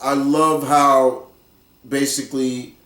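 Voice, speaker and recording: A man giving a casual spoken film review, excitable and repetitive, acting out his own reactions. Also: medium pitch, takes it slowly, echoey room, recorded from a distance. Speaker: movie reviewer.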